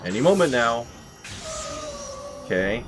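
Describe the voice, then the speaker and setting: Slow and sing-song in a mid-range voice, a man gives wry commentary on a horror game he's playing, addressing the enemies directly. Game music can be heard behind him.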